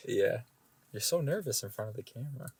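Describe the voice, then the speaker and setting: A man's voice: medium pitch, expressive, a little fast, a little mellow, slightly rough. A young man co-hosting a podcast in casual chat, joking, laughing and trailing off mid-sentence. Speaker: podcast co-host.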